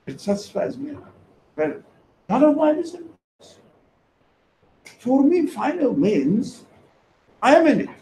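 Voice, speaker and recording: This lecturer addresses a small group in an echoey space with faint ambience, speaking emphatically, repeating key phrases and quizzing the audience. His voice is extremely high yet dark in tone, very animated, measured, with long pauses and a little hiss or hum.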